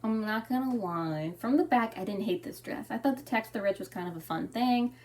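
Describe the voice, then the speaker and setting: A woman's voice: medium pitch, brisk, a little mellow, far from the mic, slight background noise. A young woman ranting in a casual, opinionated way, full of fillers and restarts. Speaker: fashion commentary vlogger. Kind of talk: casual rant.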